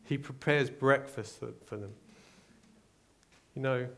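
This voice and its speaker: A male preacher delivering a sermon, moving from quiet storytelling to loud, urgent exhortation. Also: mid-range voice, slow pace.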